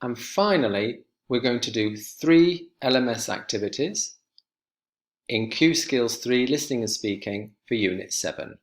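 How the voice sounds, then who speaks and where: A man teaching an online English lesson, walking students through exercises with slow, clear instructions. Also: medium pitch, expressive. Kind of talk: recorded online lesson walkthrough.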